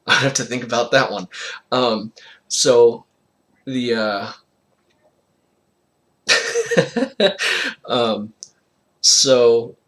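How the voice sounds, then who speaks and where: A man's voice: medium pitch, big pitch swings, slow pace, pauses often, fairly bright tone. A young man telling a casual personal story, rambling with lots of fillers and frequent laughter.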